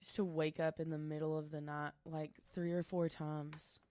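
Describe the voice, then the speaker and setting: A young woman co-hosting a podcast, chatting casually with quick, expressive reactions. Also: sits low, smooth. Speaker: podcast co-host. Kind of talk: casual chat.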